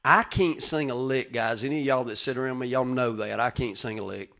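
An older man, preaching in a conversational style, calling listeners by name and moving between loud rises and quiet asides. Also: mid-range voice, a little fast, creaky. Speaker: pastor. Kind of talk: conversational sermon.

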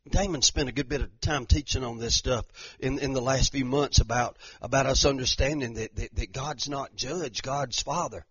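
A man's voice: mid-range voice, moderate pace, hardly any pauses, husky, no room sound, lo-fi sound. A man preaching a sermon as pastor, impassioned, repeating phrases and restarting lines.

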